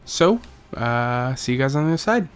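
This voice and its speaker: A man's voice: mid-range voice, very animated, moderate pace, clean tone, soft background music. A young man giving casual, joking commentary over a football video game, rambling through stats and doing mock play-by-play. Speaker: gaming YouTuber.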